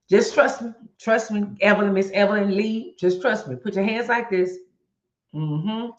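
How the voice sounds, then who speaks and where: Woman, wellness host, live-stream coaching, animated, roomy room, muffled lo-fi. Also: medium pitch, moderate pace. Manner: animated, talks straight to viewers, calls on them by name. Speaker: faith-based wellness host.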